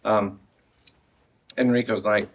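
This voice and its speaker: A man's voice: lowish voice, level tone, takes it slowly, dull audio. A man in his thirties, a marching band director, giving a heartfelt end-of-season speech to his students, earnest and rambling with laughs and restarts.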